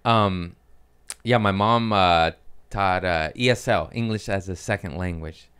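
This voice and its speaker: A very deep-voiced man from the Los Angeles area who hosts a podcast. His tone is smooth and resonant. He talks in a relaxed, meandering way, swearing casually and reaching for fillers. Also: a little slow. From South Bay, Los Angeles. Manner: laid-back, profane, hesitant with fillers.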